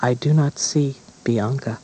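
A man's voice: mid-range voice, unhurried, mellow, breathy edge, low-quality recording. A man doing an oracular magic mirror.

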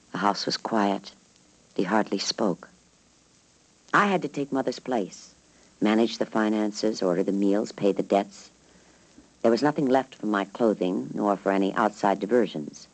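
A man reading a first-person memoir aloud as a narrator, in a measured, even way. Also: lowish voice, poor audio. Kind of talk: scripted narration.

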